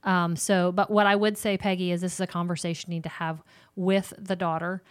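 A woman's voice: lowish voice, flat delivery, fairly quick, clear, resonant tone. A middle-aged woman hosting a faith-based parenting advice chat, earnest and chatty, often acting out little example conversations.

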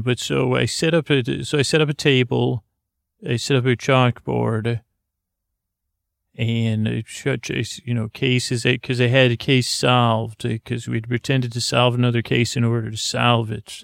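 A man improvising a meandering story in a soft, halting way, full of fillers and restarts. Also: mid-range voice, flat delivery, gravelly, dry recording, studio quality. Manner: soft, drowsy and gentle. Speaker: storyteller narrating as a character. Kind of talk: improvised rambling bedtime-style storytelling.

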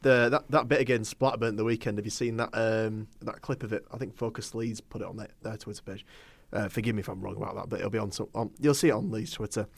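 Male co-host, quick and opinionated, mid-pitched, dry close recording. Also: fairly even intonation, vocal fry, husky, no echo. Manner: chatty, laughs often, opinionated. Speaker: podcast co-host. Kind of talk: casual football podcast chat.

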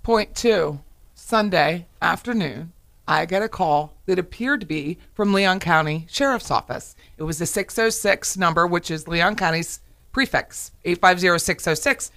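A woman hosting a casual chat, telling stories in a lively way and acting out phone calls. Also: on the low side, normal speed. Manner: animated storyteller, acts out calls. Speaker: host, realtor.

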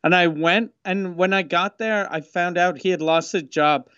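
High-voiced man with a dry close sound. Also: normal speed, fairly bright tone, smooth, no echo, muffled recording. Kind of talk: casual anecdote.

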